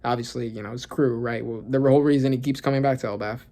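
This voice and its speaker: Talking fast in a medium-pitched voice, a young adult gives excitable casual commentary on a fresh manga chapter. Panels get read aloud amid gasps, laughter and lots of filler words.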